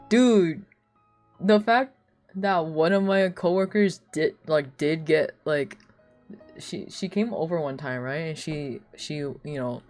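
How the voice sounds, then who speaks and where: A young woman streamer telling casual stories, animated and laughing often, with lots of "like.". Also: sits low, slow pace, pauses often, faint music behind. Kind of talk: casual storytelling chat.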